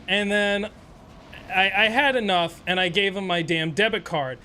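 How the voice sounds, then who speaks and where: A man's voice: sits high, unhurried, bright, forceful tone, slight background noise. A man streaming a game and telling a rambling, profane, sarcastic story in casual chat. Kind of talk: casual storytelling while gaming.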